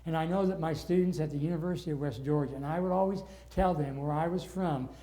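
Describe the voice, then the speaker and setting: A man's voice: a little high, fast talker, dark tone. An older man from the northern United States leading a Bible study lecture. He teaches earnestly and gets wound up as he goes.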